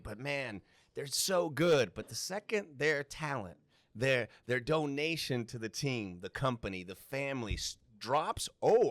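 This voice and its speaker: A man, a guest actor and radio personality, telling animated stories to a student audience. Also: medium pitch, no room sound. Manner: animated, emphatic storyteller. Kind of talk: storytelling to a live student audience.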